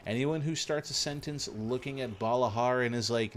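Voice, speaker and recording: A man commentating casually while live-streaming a game, playful and rambling, with sudden excited yelps. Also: medium pitch, normal speed, slight background noise.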